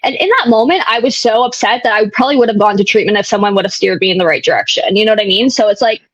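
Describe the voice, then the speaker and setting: This guest, a young woman, tells her recovery story rapid-fire in a mid-range voice. She's candid and rambling, with many fillers and some blunt swearing. The sound is dull, dry, and lo-fi, with no room sound.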